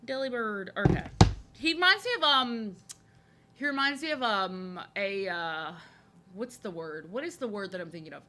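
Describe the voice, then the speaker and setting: A young woman chatting casually on a live stream while she draws, rambling and thinking aloud in an excitable way. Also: mid-range voice, moderate pace, background noise.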